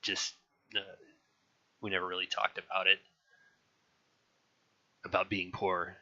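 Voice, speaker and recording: Deep flat-voiced man, frank and rambling. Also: unhurried. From California. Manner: rambling, frank, profane, many restarts. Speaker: interviewee. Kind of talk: casual personal recollection. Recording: dull lo-fi sound.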